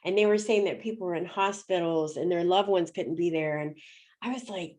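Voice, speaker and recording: A middle-aged woman, a podcast guest, telling a personal story with feeling, her voice rising high when moved. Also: a little fast, darkish tone.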